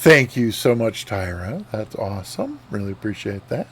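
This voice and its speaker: A man's voice: lowish voice, sing-song, moderate pace. Rambling, chatty man streamer. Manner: chatty, rambling with fillers and restarts. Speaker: flight sim streamer. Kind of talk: casual live-stream chat.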